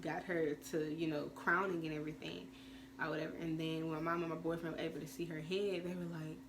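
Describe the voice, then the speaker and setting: A teenage woman rambles through a storytime vlog, piling on fillers as she talks. Her voice sits a little low for a woman, and a clear steady noise runs under the recording. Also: fast talker. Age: teens. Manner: chatty, rambling, many fillers. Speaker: vlogger.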